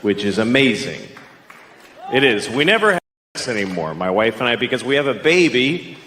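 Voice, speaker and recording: A man's voice: big pitch swings, normal speed, roomy sound, long reverb tail. A middle-aged man doing a profane, ranting stand-up comedy set on a club stage. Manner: ranting, profane, jumps into shrill yelling bits. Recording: live set with clear audience noise.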